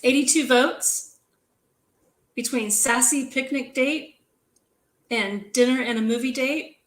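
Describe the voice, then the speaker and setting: A woman's voice: high voice, takes it slowly, echoey room, poor audio. A woman co-hosting a live pen show stream, chatting casually, trailing off and restarting, and swearing now and then.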